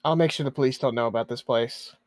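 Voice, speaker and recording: During a tabletop role-play session, a player stammers through apologies and plans, tripping over his words again and again. He talks fast in a middle-pitched, slightly mellow voice, recorded close and dry with no room sound.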